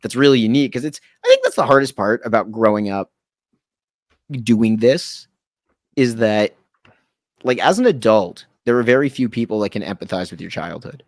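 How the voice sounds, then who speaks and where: A Canadian actor in his thirties, appearing as a guest, spins rambling, self-deprecating stories in casual chat and acts out what other people said. His mid-range voice has lively intonation at a normal speed, recorded dry at studio quality.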